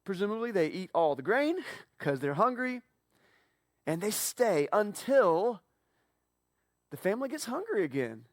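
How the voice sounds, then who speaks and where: High-voiced pastor telling a story playfully. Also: male voice, sing-song, no echo, studio quality. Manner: playful, acts out the characters in quick asides. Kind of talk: casual sermon retelling a Bible story. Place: church.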